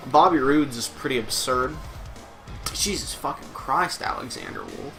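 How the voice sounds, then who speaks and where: A man commentating on a video game by himself with a bright, forceful voice. He rambles, swears freely and makes joking asides to his dog. Faint game music plays behind him. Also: medium pitch, huge pitch swings, unhurried, gravelly. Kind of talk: casual gameplay commentary.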